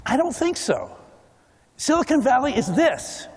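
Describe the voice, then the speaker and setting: Male keynote speaker, high lively voice, hall reverb. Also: unhurried, slightly rough. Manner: animated, acts out other people's voices. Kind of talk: conference keynote talk. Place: large conference hall.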